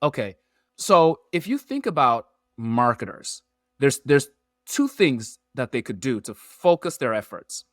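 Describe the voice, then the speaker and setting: A man's voice: medium pitch, a little slow, no room sound. A man speaks as a guest on a business podcast. He tells stories through analogies with emphatic, swooping delivery. His voice sits mid-range and the recording is close and dry. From Nigeria. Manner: talks in metaphors and analogies, lively and emphatic. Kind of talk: animated storytelling in an interview.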